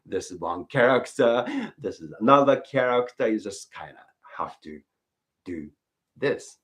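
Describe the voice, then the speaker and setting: A man explains comedy storytelling technique in a relaxed, informal way. He talks slowly, filling pauses with ums and uhs, and his pitch moves around animatedly. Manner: unhurried, many fillers. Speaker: rakugo teacher.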